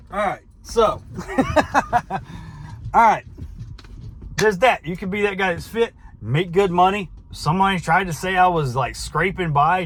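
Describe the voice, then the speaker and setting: A man's voice: high voice, fairly bright tone. A middle-aged man talking casually to the camera from inside his vehicle, rambling and defensive, often restarting his sentences. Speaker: vlogger, trucker.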